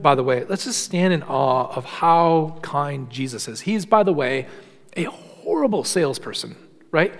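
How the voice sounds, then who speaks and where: A man preaching a sermon in earnest, shifting between quiet low passages and raised emphatic ones, often repeating words as he restarts. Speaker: pastor. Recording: long hall reverb.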